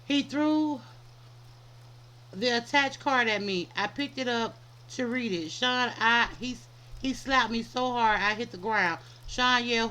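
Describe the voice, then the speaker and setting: A woman reads a first-person story aloud for her podcast. Her voice is bright and a little high. She stumbles often, restarting lines and correcting herself as she goes. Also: a little slow, poor audio. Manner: stumbling reading with frequent restarts and self-corrections. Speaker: podcast host reading a book aloud. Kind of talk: reading a book aloud.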